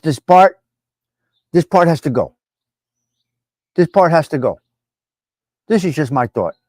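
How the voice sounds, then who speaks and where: A man with a New Jersey accent hosts a live stream, giving casual, opinionated talk bluntly and repeating himself for emphasis. His voice is a little high with a darkish tone, and there is no echo.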